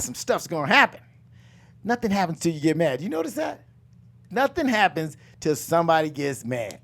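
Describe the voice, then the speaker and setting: A middle-aged man hosting a live finance coaching talk, loud and emphatic, repeating his phrases and mixing in jokes. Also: a little high, very animated, moderate pace, gravelly. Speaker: real estate coach and show host.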